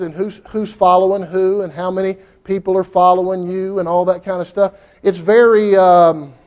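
A man's voice: sits high, mellow. A middle-aged man preaching a sermon in a church, folksy and repetitive, rising to fervent outbursts.

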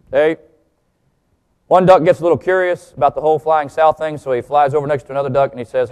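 A man preaching a sermon, joking with the congregation, slowing down and stressing key words as he teaches. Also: smooth. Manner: lively, joking, pitch swings for emphasis. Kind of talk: sermon with jokes.

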